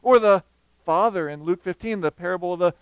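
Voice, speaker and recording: A man's voice: sits high, fairly quick, clean tone, no echo, highs cut off. A man preaching a sermon, telling the story with feeling and acting out the voices of the people in it.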